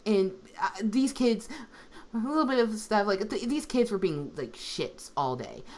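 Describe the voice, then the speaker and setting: A woman's voice: medium pitch, a little slow. A young woman, a substitute teacher who voice acts, chatting on a livestream and telling stories with lots of fillers. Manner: animated storytelling, lots of fillers, swings in loudness. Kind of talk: casual livestream chat. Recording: faint background noise.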